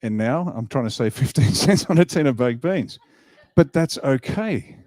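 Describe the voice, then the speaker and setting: A man's voice: medium pitch, moderate pace, no echo, studio quality. A man giving an emphatic motivational speech at an event, joking with the crowd. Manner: emphatic, animated, jokes with the crowd. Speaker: party leader giving a speech. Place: event hall.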